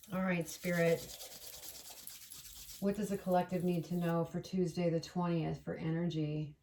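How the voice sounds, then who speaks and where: A woman's voice: deep voice, creaky, mellow, distant mic. A woman giving a chatty, meandering tarot reading to camera, speaking aloud to spirit as she pulls cards. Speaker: tarot reader.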